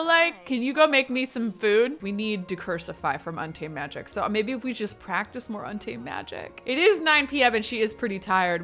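A woman giving excitable, chatty let's-play commentary as she plays a life-simulation game, squealing over wins. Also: a little high. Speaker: gaming video creator.

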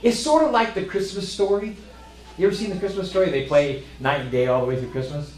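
A pastor delivering a sermon, telling rambling family stories with false starts and self-deprecating humor. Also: male voice, sits high, fast, a little mellow, reverberant.

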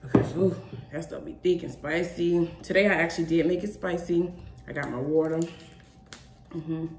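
A woman's voice: on the low side, steady tone, normal speed. A young woman hosting a mukbang vlog, talking straight to her viewers in a sassy, emphatic way. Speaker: mukbang vlogger. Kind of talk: casual chat to camera. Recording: echoey room with faint noise.

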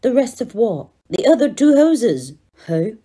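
A woman performing a comedy parody sketch, switching quickly between exaggerated characters. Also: fairly high pitch, big pitch swings, mellow, breathy edge. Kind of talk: parody sketch acting many roles.

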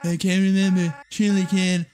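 A woman's voice: lowish voice, level tone, a little fast, a little mellow, a little hiss or hum, pitched below the performer's own voice, close to an everyday voice. A woman putting on an impression of a boastful older male politician, mocking and swaggering in a game stream. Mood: taunting.

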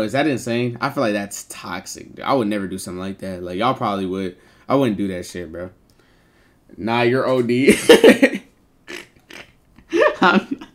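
A man streaming live and chatting with his viewers in animated, joking banter full of slang and swearing. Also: mid-range voice.

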